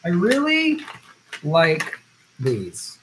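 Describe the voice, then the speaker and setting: A man's voice: fairly high pitch, wildly swooping pitch, very slow, background noise. A middle-aged man hosting a casual stream, reading viewer comments aloud and answering them with loose, rambling jokes. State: vegetarian who travels for work. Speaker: host answering viewer questions. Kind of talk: casual live-stream chat.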